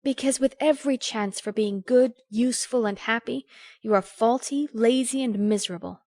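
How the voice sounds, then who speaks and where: A sharp-tongued young woman lectures in a crisp, earnest, scolding tone, as a woman reading a storybook voices her. Her pitch sits well above the reader's own narration. The sound is close and dry. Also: normal speed, no room sound, natural voice. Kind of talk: audiobook character voice.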